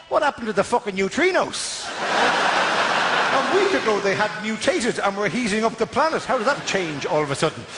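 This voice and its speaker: A man's voice: sits high, background noise. A man doing a stand-up routine, ranting in exasperation and swearing. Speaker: stand-up comedian.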